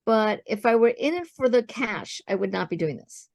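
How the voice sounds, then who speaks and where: Animated woman telling her business story. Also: on the high side, moderate pace, creaky, no room sound, dull audio. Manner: animated storyteller, acts out quoted dialogue. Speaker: guest, business founder. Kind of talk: storytelling interview talk.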